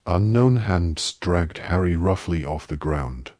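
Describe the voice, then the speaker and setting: A man narrating an audiobook in a steady, even reading voice. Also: low voice, slow, no echo, studio quality. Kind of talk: scripted narration.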